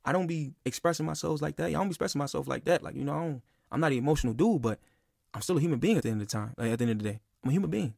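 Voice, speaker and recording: A man's voice: fairly high pitch, animated, rapid-fire, creaky, darkish tone, dry recording, studio quality. A young man telling a personal story in a casual, rambling and heated way, with lots of "bro" and "like.". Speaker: podcast speaker.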